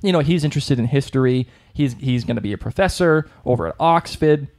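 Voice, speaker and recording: A man's voice: medium pitch, expressive, fairly quick, a little mellow. Chatty man with a Boston accent. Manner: chatty, rambling, with frequent restarts. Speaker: podcast co-host. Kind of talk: casual chat.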